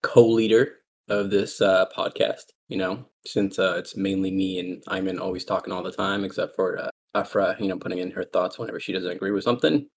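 A young man with a lowish voice, co-hosting a casual podcast over voice chat. His talk is loose and often profane, and it slows into hesitant fillers when he works through an idea. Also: vocal fry, breathy edge. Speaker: podcast co-host. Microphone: voice chat recording.

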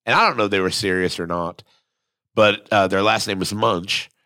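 A man co-hosting a casual podcast, full of crude jokes and offhand asides as he reads out listener messages. His voice sits a little low, and the sound is close and dry with no room around it. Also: fairly even intonation, normal speed, sharp tone, dry recording. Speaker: podcast host.

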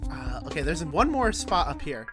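Lively, giggly co-host chatting over a game. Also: mid-range voice, normal speed, music in the background. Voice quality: playful, giggly, trailing off. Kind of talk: casual co-op game chat.

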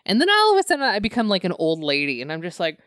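A woman's voice: fairly low pitch, huge pitch swings, very fast, a bit bright, no echo, clean studio sound. A woman co-hosting a podcast in casual, rambling chat, laughing often and poking fun at herself. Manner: giggly, rambling, self-mocking. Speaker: podcast co-host. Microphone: compact podcast mic.

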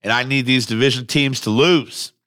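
A man hosting a sports podcast, talking casually in a rambling, excitable way with some swearing, recorded at a microphone. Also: mid-range voice, normal speed, dry recording, studio quality. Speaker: podcast host. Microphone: studio microphone.

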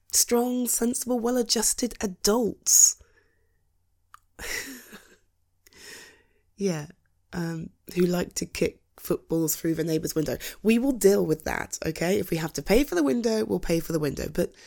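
A woman's voice: a little high, expressive, unhurried, creaky, a little mellow. A woman in a whispered role-play as a comforting partner, soothing and reassuring, often breaking into giggles.

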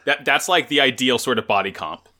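A man's voice: medium pitch, expressive, fairly quick, bright, forceful tone. A man co-hosting a podcast in casual, joking chat, swearing and laughing often. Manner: jokey, profane, laughs often. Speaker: podcast co-host.

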